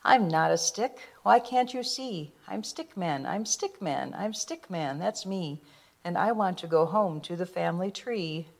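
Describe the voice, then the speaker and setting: A woman's voice: fairly low pitch, animated, a little slow, creaky, full character voice. A woman voicing Stickman, a small earnest stick man, in a storybook reading, repeating a sing-song refrain. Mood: pleading.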